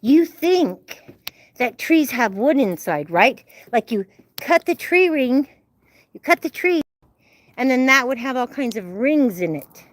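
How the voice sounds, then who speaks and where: At sunset on an evening walk outdoors, an older woman livestreams through a phone held in her hand, chatting ramblingly with viewers. Her voice is high, sing-song, and unhurried.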